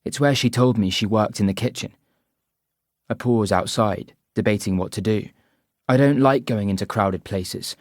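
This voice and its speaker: A man reading a first-person audiobook narration in an even, measured way. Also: mid-range voice, no room sound, clean studio sound.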